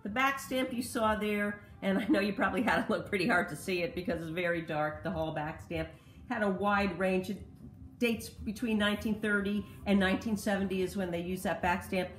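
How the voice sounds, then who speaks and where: A woman's voice: mid-range voice, a little fast. Woman reseller, casual vlog host, chatty show-and-tell, roomy echo, faint music behind. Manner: chatty, detail-focused, explains pottery history. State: slight cough. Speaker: thrift reseller showing finds.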